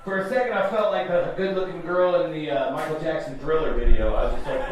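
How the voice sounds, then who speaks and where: A young man doing a stand-up set in a club, telling a story loosely with lots of swearing and quick asides to the audience. His voice sits fairly high for a man, and it comes from a distance in a very echoey room, with a crowd laughing all around. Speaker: stand-up comedian. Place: comedy club stage.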